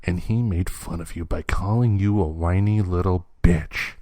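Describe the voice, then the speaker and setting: A man's voice: deep voice, moderate pace, dark tone, dry recording, studio quality. A man hosting a podcast in a casual chat and teasing his young guest with jokes. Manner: teasing, joking interviewer. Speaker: podcast host.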